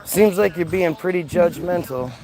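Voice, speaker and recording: A man's voice: high voice, normal speed, warm tone, soft background music, rough recording. A man hosting a livestream, talking casually in a sarcastic, mocking, profane way. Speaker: livestream host reading chat.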